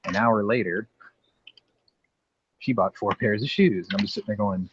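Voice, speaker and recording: A man's voice: on the low side, normal speed. A man hosting a casual podcast chat, a rambling storyteller who swears freely. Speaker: podcast host. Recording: dull lo-fi audio with faint noise.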